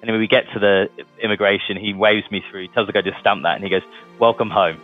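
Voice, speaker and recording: A man's voice: lowish voice, flat delivery, fast, soft background music. A man telling his story casually in an interview, chatty and laughing as he goes. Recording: tinny phone-like sound.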